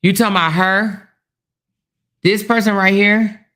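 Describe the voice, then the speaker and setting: A woman's voice: medium pitch, fairly even intonation, a little slow, fairly bright tone, soft background music. A woman hosting a casual livestream commentary, chatty, laughing often and reading comments aloud. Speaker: commentary host.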